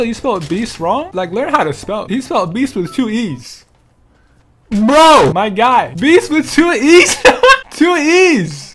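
A young man giving casual, joking commentary while he plays a game and talks to other players and viewers. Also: sits high. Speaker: gaming streamer.

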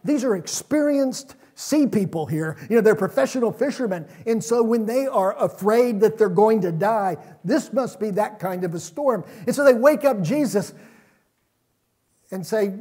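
A man preaching a sermon in a church, retelling stories in a relaxed, conversational way. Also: sits high, normal speed.

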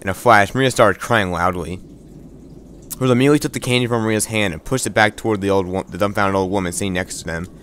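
Low-voiced man reading a game aloud. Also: fast talker, a bit bright, a little hiss or hum. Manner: stumbling restarts, wry asides. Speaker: visual novel reader. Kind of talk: reading a visual novel aloud with asides.

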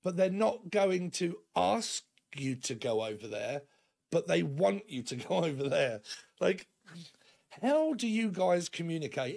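Gravelly man reading tarot. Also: a little high, sing-song, measured pace, darkish tone. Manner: rambling and chatty, often laughing; acts out imagined dialogues in shifting voices. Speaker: tarot reader.

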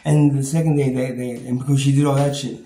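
A man's voice: mid-range voice, level tone, fast talker, mellow. Rambling, profane man in an echoey room. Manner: profane, rambling, repeats words and restarts, laughs bitterly. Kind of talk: angry personal rant. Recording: roomy echo, faint background noise.

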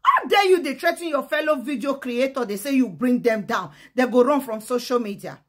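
High-voiced Nigerian woman ranting. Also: expressive, a little fast. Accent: Nigerian Pidgin. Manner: emphatic, fiery, switching between Pidgin and English. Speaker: social media commentator. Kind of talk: vlog rant in Nigerian Pidgin.

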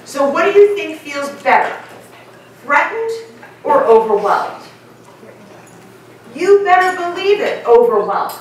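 A middle-aged woman giving a lively conference keynote and asking her audience questions. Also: sits high, measured pace, long pauses, slight background noise. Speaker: keynote speaker. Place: large conference hall. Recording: echoey hall, mic from far off.

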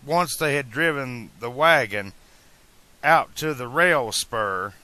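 A man narrating an amateur audiobook at an uneven pace, slowing on some phrases. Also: medium pitch, pushed and bright, no room sound.

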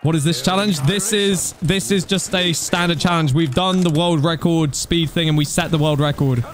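A young man streaming a game, chatting casually and thanking donors, getting excited at times. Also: fairly high pitch, moderate pace, faint music behind. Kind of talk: casual live-stream chat.

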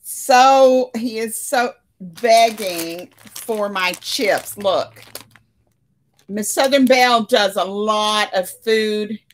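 Drawing out her words in a mid-range voice, a woman hosts a relaxed crochet livestream from her living room. She chats with viewers, reads their comments aloud, and laughs often.

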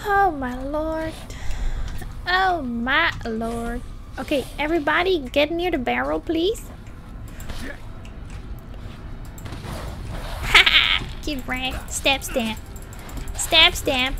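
High-voiced woman gaming, panicky commentary. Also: vocal fry, music in the background. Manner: panicky, exclamatory, screams and laughs at scares; slow, drawn-out talk. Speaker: let's play streamer. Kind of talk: horror game let's play commentary.

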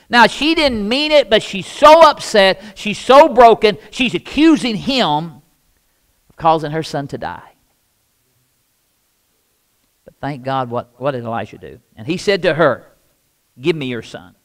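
Older Midwestern male pastor, slightly high voice, sermon delivery that swings from hushed to loud with emphatic repeats. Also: big pitch swings, moderate pace. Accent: Midwestern American. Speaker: lead pastor.

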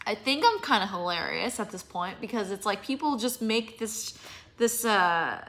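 A woman's voice: medium pitch, expressive, normal speed, background noise. A young adult woman talking to her viewers in a casual vlog, rambling, swearing and searching for words, yawning now and then. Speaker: vlogger.

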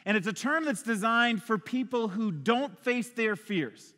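A male pastor delivers an energetic, conversational sermon from a church stage. His voice is high and bright. A long reverb trails after his words in the hall. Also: a little slow.

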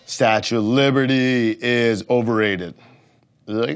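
Deep-voiced profane male comedian. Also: a little slow, faint music behind. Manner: profane, swings from loud outbursts to mumbled asides. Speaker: comedian rating things as overrated or underrated. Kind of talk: comedic rant to camera.

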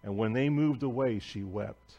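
A man preaching a sermon as pastor, telling a story emphatically and swinging between loud declarations and hushed asides. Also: lowish voice, moderate pace, highs cut off. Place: church sanctuary.

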